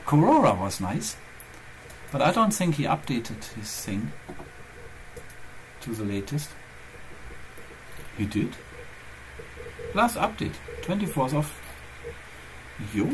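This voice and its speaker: A man's voice: medium pitch, slight background noise, low-quality recording. A man hosting his own channel, chatting casually and rambling as he thinks aloud, with phrasing. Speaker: channel host. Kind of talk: casual chat.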